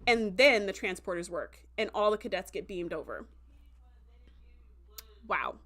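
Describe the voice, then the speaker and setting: Speaking at a measured pace with a medium-pitched voice, a young adult woman recaps a show episode during a relaxed livestream. She's a reviewer who stays animated, leans on plenty of fillers, and performs the reactions she quotes.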